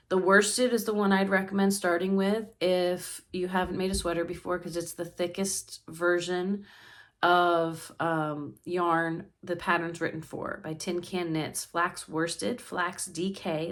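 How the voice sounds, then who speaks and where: Chatty woman with a drawl. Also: fairly low pitch. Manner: rambling, many fillers and restarts. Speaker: yarn shop owner and crafting vlogger. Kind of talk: casual chat to viewers. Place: indoors at home.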